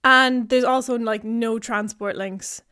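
A woman's voice: fairly high pitch, measured pace. A young woman hosting a podcast, rambling and giggly as she tells stories in a casual solo chat. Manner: giggly, rambling, animated storytelling. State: out of breath. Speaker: podcast host. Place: house in the countryside.

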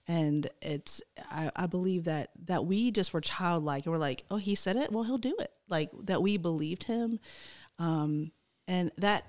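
A woman in her forties, a missionary guest, telling her story in animated casual testimony full of "like"s. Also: low voice. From North Carolina, USA. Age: 40s.

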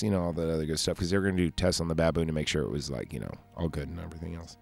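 A man's voice: rumbling low, rapid-fire, creaky, few pauses, no room sound, faint music behind. A man hosting a solo podcast, recapping a film in a casual, rambling, profane way. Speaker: podcast host.

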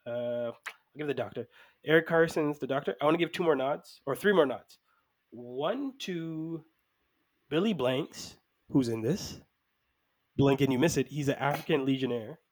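A man co-hosting a casual movie review chat, animated and quick to act out scenes and laugh. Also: mid-range voice. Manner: animated, acts out scenes in voices, laughs often. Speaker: podcast co-host.

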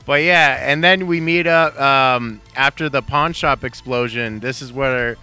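A man co-hosting a podcast, chatting in a relaxed, agreeable way about a film. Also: mid-range voice, measured pace, clean tone, soft background music. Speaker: podcast co-host. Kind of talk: casual chat.

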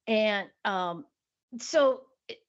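Slow-talking, hesitant woman. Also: mid-range voice, expressive. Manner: hesitant, searching for words with fillers. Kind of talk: casual chat. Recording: dull lo-fi sound.

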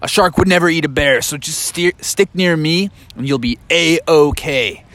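A man voicing a brave, relaxed male bear who talks in a low, easy, reassuring way. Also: normal speed, natural voice. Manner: laid-back, reassuring, low and quiet.

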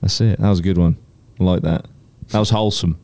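A man's voice: sits low, steady tone, fast talker, warm tone. A man hosting a podcast, bantering casually, swearing and laughing often with his friends. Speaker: podcast host. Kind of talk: casual chat.

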